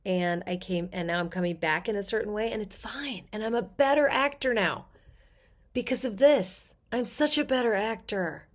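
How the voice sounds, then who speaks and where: A middle-aged woman, an actor and therapist, talks casually as a podcast guest in a medium-pitched voice at normal speed. She has a character-actor quality and tells her stories animatedly, performing the voices of the people she quotes.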